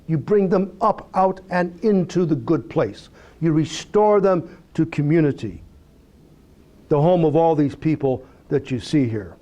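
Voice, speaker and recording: Guy teaching bible class, slightly high voice, keeps asking the room rhetorical questions. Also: measured pace. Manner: conversational, asks rhetorical questions; animated, reads scripture aloud. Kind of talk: Bible study lecture.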